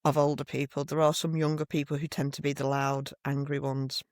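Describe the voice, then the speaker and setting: A middle-aged woman, co-hosting a podcast and telling stories in a blunt, animated way with plenty of swearing. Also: rumbling low, fairly quick, dry recording, clean studio sound. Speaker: podcast co-host. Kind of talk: casual chat. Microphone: desk microphone.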